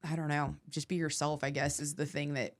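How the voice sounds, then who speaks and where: Woman stand-up comic from Florida, low-ish voice, rapid rambling chat that breaks into laughter. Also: flat delivery. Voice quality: fast, rambling storytelling with frequent laughter. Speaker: stand-up comedian, podcast guest. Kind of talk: casual podcast chat.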